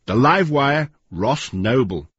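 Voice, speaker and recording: A man presenting a radio programme with measured, wry, scripted narration. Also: mid-range voice, expressive, a bit bright, slightly rough, no room sound, dull audio.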